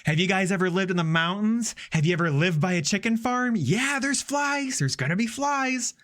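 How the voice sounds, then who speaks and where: A man putting on the voice of an excitable, bossy woman who films her life, sliding up high and turning snappish. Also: fast talker. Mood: defensive.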